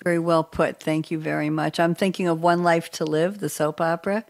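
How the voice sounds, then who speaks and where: A woman's voice: deep voice, level tone, fairly quick, creaky. A middle-aged woman hosting a radio talk show, chatting casually and rambling from one aside to the next.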